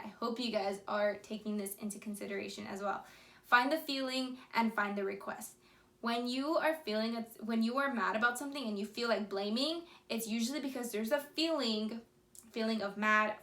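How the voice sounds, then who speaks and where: Higher-voiced woman giving relationship advice in an echoey room. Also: fairly bright tone. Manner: explains step by step, acts out example phrases. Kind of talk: casual advice talk to camera.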